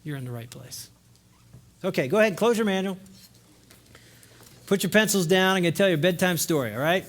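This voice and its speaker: A middle-aged man telling a story to a live audience at a marriage conference, acting out voices and shouting lines. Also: high voice, lively intonation, a little fast.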